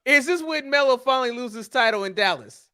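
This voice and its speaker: High bright-voiced man steering a chat. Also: expressive, smooth. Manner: halting, repeats words, steers the talk. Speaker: podcast co-host. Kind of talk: casual wrestling recap chat.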